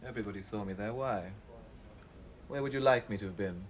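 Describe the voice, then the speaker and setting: An actor playing a smooth, sly, flirtatious male club owner in a TV drama. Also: on the low side, brisk, slight background noise, lightly acted. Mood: smarmy. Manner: smarmy, flirtatious.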